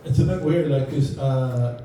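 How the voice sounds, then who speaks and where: A young Irish man with an accent that drifts toward American, doing a rambling, self-deprecating stand-up set in a flat voice. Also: mid-range voice, unhurried, a little hiss or hum. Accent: mixed Irish and American. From Ireland. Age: young adult. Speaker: stand-up comedian. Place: comedy venue. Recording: echoey room, mic from a distance, audience. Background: audience laughter.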